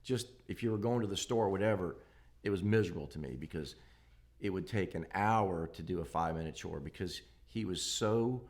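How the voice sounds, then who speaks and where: A man plainly reflecting in a documentary interview on childhood errands with a community-minded relative. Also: sits low.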